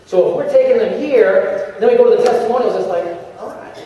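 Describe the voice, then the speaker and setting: A man gives a lively coaching talk to a convention audience, acting out small scenes in shifting voices. His voice sits a bit high with a mellow tone. It reaches the mic from a distance in a big, echoey hall and sounds dull. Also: quick pace. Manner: animated, acts out little scenes in changing voices. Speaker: motivational speaker at a sales convention. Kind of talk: energetic coaching talk to a crowd.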